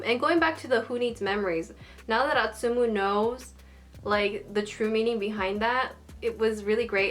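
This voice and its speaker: A woman chatting casually as a fan, gushing and emotional, with lots of fillers. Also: mid-range voice. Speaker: manga fan reviewer.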